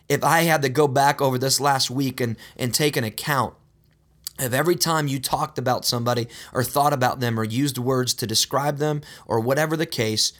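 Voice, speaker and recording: A man's voice: medium pitch, a bit bright. A man preaching a sermon in an earnest, direct way, often calling his listeners "guys" and repeating words for emphasis. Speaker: pastor.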